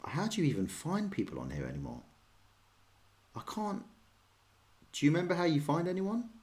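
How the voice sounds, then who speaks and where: A man's voice: a little high, wildly swooping pitch, normal speed, a little mellow. An English man streaming chess, chatting casually and rambling as he answers viewers' questions. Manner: chatty, rambling, self-deprecating.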